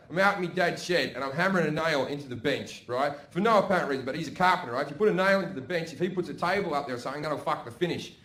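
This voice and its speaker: A middle-aged Australian man with a high-sitting voice performs a crude stand-up set full of swearing. He tells his stories with a brash delivery to a live audience from a comedy stage. The echoey venue carries audible crowd noise.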